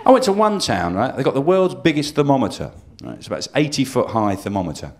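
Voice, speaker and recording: A man doing stand-up, dry and deadpan, slipping into mocking put-on voices. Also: mid-range voice, quick pace. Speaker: stand-up comedian. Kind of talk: live stand-up set. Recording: live stage recording with loud audience laughter. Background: audience laughing.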